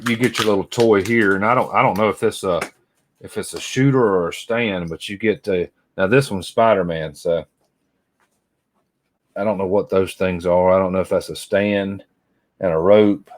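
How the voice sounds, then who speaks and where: Guy, kinda low voice, middle-aged, rambling on and chatting with viewers while opening stuff. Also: steady tone, moderate pace. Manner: rambling, folksy, talks to viewers by name. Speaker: vlogger. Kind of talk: casual chat while unboxing.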